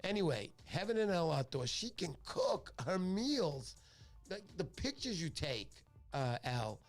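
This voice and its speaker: Middle-aged New host with a higher voice, jokes his way through rambling stories on a fishing stream, faint music behind. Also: sing-song, unhurried. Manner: joking, rambling storyteller. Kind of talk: casual livestream chat.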